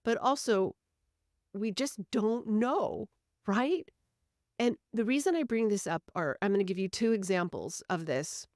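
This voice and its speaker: A woman's voice: medium pitch, measured pace, a little mellow, no echo, clean studio sound. A woman hosting a solo podcast, talking earnestly about feelings and explaining them through everyday stories. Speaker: podcast host. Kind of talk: reflective solo podcast talk.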